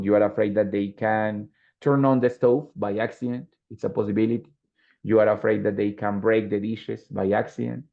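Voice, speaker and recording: A man's voice: lowish voice, vocal fry. A man with a Colombian Spanish accent teaching an English class, explaining patiently and slipping into Spanish. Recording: dull lo-fi audio.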